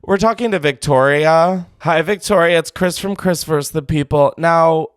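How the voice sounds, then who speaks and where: Casual swearing call-in host, dry sound. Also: male voice, fairly high pitch, normal speed, clean tone, dry recording. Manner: blunt, swears freely, thinks aloud.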